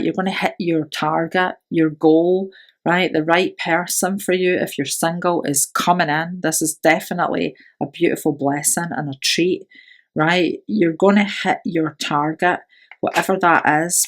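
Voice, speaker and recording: A woman giving a pick-a-card tarot reading, speaking in a soothing, affirming way and often tagging her phrases with "right?". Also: lowish voice. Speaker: tarot reader.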